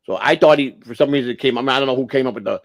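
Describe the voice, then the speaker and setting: A man's voice: mid-range voice, very fast, no room sound. A man hosting a casual livestream, rambling and blunt, swearing freely and restarting his sentences. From United States. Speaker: livestream host.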